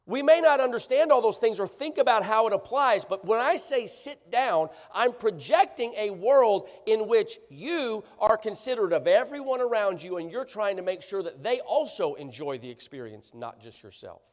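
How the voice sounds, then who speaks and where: A man preaching a sermon, sarcastic and animated, often checking that the congregation follows him. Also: high voice, moderate pace, hardly any pauses. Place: church sanctuary. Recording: church livestream, long hall reverb.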